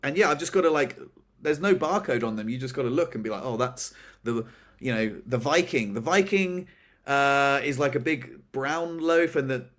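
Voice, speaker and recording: A young man co-hosting a podcast, telling a story in a casual, animated way, pitching up when he acts out dramatic moments. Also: moderate pace. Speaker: podcast co-host.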